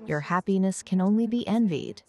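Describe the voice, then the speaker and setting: An actress dubbing a young adult daughter, emphatic and repetitive, in a drama voice-over. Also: female voice, medium pitch, brisk, darkish tone, close to an everyday voice. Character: young adult daughter, heartfelt then furious.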